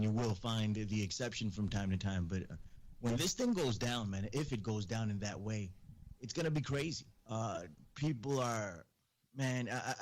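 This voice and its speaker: A man talking as a guest on a casual talk show, earnest and indignant, often repeating himself. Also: medium pitch. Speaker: podcast guest. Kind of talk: casual chat.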